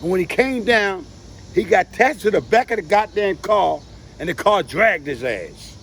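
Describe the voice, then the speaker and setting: A man telling profane, animated street stories, who has been drinking. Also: high voice, normal speed, creaky, a little hiss or hum. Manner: profane, animated street storytelling with sound effects. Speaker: interviewee. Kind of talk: casual storytelling.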